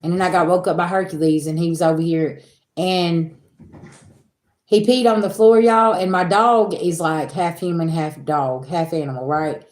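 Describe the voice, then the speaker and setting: Animated woman venting to viewers, roomy sound. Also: on the low side, moderate pace. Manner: animated, venting, swears freely, addresses viewers as y'all. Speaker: spiritual reader and streamer. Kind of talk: casual chat with viewers. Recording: roomy echo.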